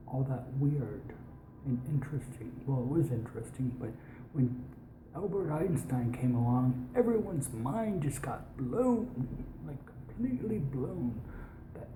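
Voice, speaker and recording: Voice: medium pitch, animated. A young adult from the United States speaking in a put-on posh British accent, hosting a science show in a rambling casual monologue that slips into whispered asides. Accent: put-on posh British over American. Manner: rambling, with many restarts and slow, stretched words. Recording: echoey room with background noise.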